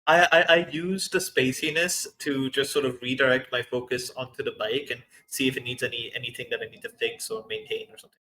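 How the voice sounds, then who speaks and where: Bright-toned man, halting as he plays. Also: mid-range voice, fairly even intonation, slight background noise, low-quality recording. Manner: halting, searching for words. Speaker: player. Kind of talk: casual tabletop play.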